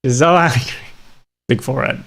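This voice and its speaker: A man's voice: medium pitch, moderate pace, fairly bright tone. A man streaming a game, chatting casually and reacting with dramatic, self-mocking exclamations and frequent laughs. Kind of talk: casual gaming livestream chat.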